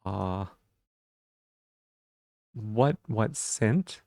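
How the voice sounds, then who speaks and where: A man's voice: fairly low pitch, lively intonation, extremely slow, vocal fry, dark tone, dry recording, studio quality. A man streaming live, chatting casually and playfully while he repeats silly puns and rambles.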